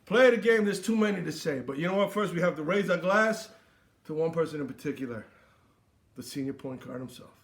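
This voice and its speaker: A man's voice: on the high side, expressive, fairly quick. A young man hosting a comedic sports recap, boisterous and theatrical, with playful bits and mock toasts. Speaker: sports show host.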